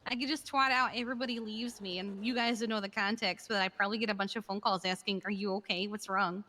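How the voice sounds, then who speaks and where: Animated, sweary woman with a bright voice. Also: medium pitch, quick pace. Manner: animated storyteller, swears freely. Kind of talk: casual in-character chat.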